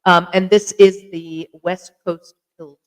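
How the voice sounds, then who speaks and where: A chatty podcast host rambles to the camera at an easy, conversational pitch. The voice is smooth and clear, full of fillers and self-corrections. Now and then they pause for a sip. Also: little pitch movement, rough recording. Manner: sips a drink while talking. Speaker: podcast host reviewing beer. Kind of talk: casual chat to camera.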